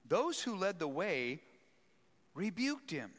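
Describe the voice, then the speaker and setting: A man preaching a sermon who retells a Bible story and acts out its people with lively energy. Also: mid-range voice, unhurried, pauses often, long reverb tail. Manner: animated, acts out voices.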